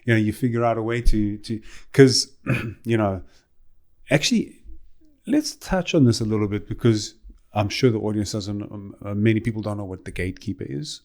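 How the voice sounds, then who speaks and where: A man with a somewhat low voice hosts a relaxed interview podcast. He backs up his guest with quick yeahs and then lays out his own points at length. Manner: affirming, interjects with short agreements, explains at length. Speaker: podcast host. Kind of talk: casual conversational interview.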